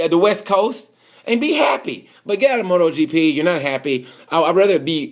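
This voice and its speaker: A man with a fairly high voice talks through a race review off the cuff. He rambles and repeats himself, now loud and excited, now dropping to a mutter. It sounds like a home camera recording. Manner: animated, rambling, swings loud and soft. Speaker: vlogger reviewing motorcycle races. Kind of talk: casual unscripted review.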